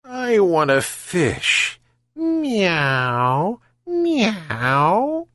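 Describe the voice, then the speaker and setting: A man voicing a sly, greedy female black cat who begs for fish with drawn-out meows. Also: sits high, wildly swooping pitch, sharp tone, dry recording, studio quality, pitched above the performer's own voice, heavily acted. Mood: wheedling.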